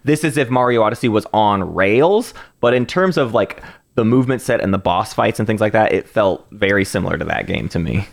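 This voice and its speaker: A man's voice: on the low side, animated, brisk, creaky. A young adult man co-hosting a casual podcast, explaining at length with many restarts. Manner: rambling, lots of restarts. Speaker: podcast co-host. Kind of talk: casual chat.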